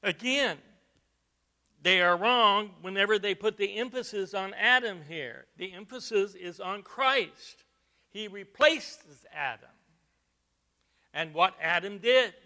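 A man preaching a sermon, emphatic, with repeated words and loud stressed phrases. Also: high voice, expressive, slow pace.

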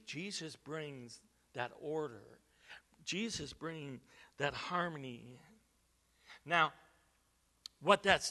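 Bright-voiced, slow preaching man. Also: high voice. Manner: emphatic, rising to loud stresses, repeats words. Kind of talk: sermon.

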